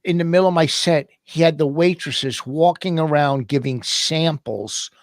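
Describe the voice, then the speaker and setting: A man's voice: on the high side, moderate pace, dry recording, clean studio sound. A man on a comedy podcast, ranting with exasperation as he tells stories about stand-up gigs. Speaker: comedian co-host. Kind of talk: casual podcast banter.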